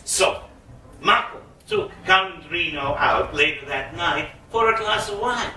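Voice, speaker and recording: Male storyteller, high bright voice, playful bawdy delivery, echoey room, mic far off. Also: expressive, a little slow, slight background noise. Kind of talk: live storytelling performance. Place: live concert venue. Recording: roomy echo, mic at a distance.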